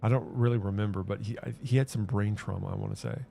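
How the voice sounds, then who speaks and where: A man's voice: lowish voice, fairly even intonation, fast talker, gravelly, dark tone. A man streaming a game, chatting casually in a rambling, hesitant way with many restarts and fillers. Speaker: gaming streamer. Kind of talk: casual rambling chat while gaming.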